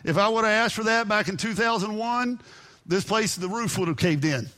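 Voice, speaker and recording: A pastor preaching with a high, bright, ringing voice. He drives his points home emphatically, at times nearly shouting, then drops into quiet, earnest talk. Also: expressive, fairly quick. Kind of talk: sermon.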